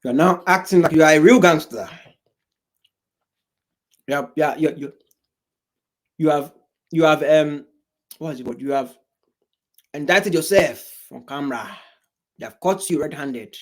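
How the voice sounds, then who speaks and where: A man's voice: a little high, measured pace, long pauses. A man hosting a reaction video, commenting in a mocking way and mimicking the people he watches.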